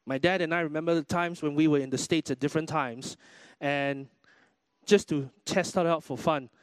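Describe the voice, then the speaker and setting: High-voiced man preaching a lively sermon. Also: moderate pace, smooth, no room sound. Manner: animated preaching with mimicked quotes. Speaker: pastor. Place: church.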